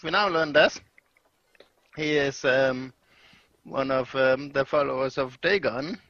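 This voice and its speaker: Gravelly man on a dull dry mic. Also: medium pitch, slow, a bit bright, no echo. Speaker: player. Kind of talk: casual tabletop play.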